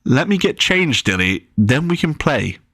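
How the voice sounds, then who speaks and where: A man voicing an impatient, sharp-tongued sixteen-year-old girl in a storybook reading. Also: a little high, big pitch swings, unhurried, breathy edge, no echo, studio quality, voice pushed up, heavily acted. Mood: dismissive. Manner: impatient, scolding.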